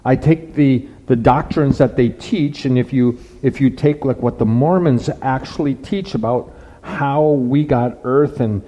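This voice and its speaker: A man's voice: mid-range voice, a little slow, few pauses, dark tone, long reverb tail, dull audio. A man preaching a conversational sermon as pastor, restarting phrases and asking rhetorical questions.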